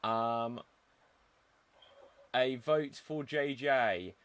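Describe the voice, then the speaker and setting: A man hosting an online improv comedy show. He sets up scenes in a brisk, organized way and runs the audience vote. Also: mid-range voice, a bit bright, smooth, no echo. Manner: brisk, organizing, reads audience comments aloud. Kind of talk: live-streamed show hosting.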